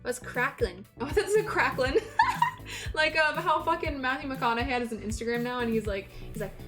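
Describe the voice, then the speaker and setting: A woman's voice: high voice, normal speed, a bit bright, faint music behind. A woman streamer chatting casually with her viewers, teasing them and laughing often.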